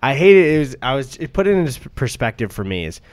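A man's voice: medium pitch, very animated, fast, no echo. A young man co-hosting a podcast, telling rambling stories in casual chat and laughing often. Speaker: podcast co-host.

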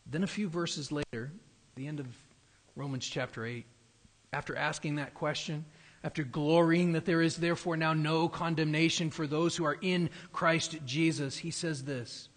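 An earnest pastor works through a scripture passage in a sermon, his voice a touch higher than most men's. His words ring out with a long echo through a large church sanctuary. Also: fairly even intonation, normal speed. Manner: earnest expository preaching. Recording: long reverb of a large hall.

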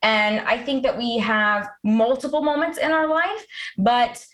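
A woman's voice: fairly high pitch, a little slow, fairly bright tone, poor audio. A woman hosting a podcast, enthusiastic and effusive, heaping praise on her guest and repeating herself for emphasis. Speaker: podcast host. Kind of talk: casual interview.

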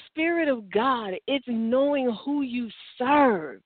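Woman preaching hard, firing off questions, kinda high voice, dry tinny phone sound. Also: animated, slow, hardly any pauses, no echo. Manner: fervent, exhorting, rhetorical questions. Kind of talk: sermon.

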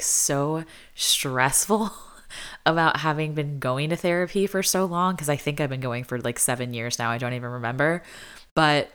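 A woman's voice: rumbling low, fairly bright tone, clear, resonant tone. A young adult woman vlogging in a casual, chatty way, filling her talk with "like" and laughing often. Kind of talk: casual chat.

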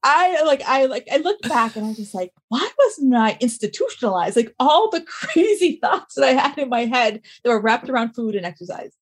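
A woman guest on a podcast, telling personal stories in an animated, self-mocking way. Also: high voice, fairly quick, hardly any pauses, breathy edge. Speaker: podcast guest, fitness business owner. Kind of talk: casual interview storytelling.

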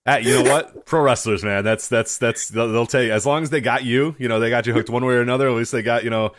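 A man hosting a podcast, easygoing and halting, often repeating words as he talks. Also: mid-range voice, fairly even intonation. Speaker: podcast host. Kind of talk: casual podcast chat.

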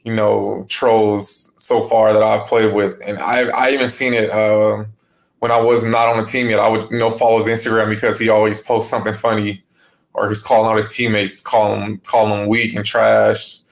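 A man speaking as a guest in a casual podcast interview, relaxed, with many fillers and restarts. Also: lowish voice, moderate pace, vocal fry. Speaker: basketball player guest.

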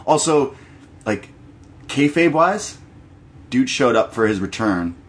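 Animated podcast guy, cusses constantly, voice swings up and down a ton. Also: medium pitch, a little slow. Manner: animated, profane, acts out quotes in silly voices. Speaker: podcast co-host. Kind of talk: casual wrestling podcast chat.

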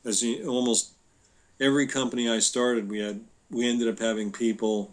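A man's voice: mid-range voice, flat delivery, moderate pace. An older man, a guest entrepreneur, talking casually in a podcast interview, telling anecdotes and quoting people with a chuckle. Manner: storytelling, quoting others, chuckling.

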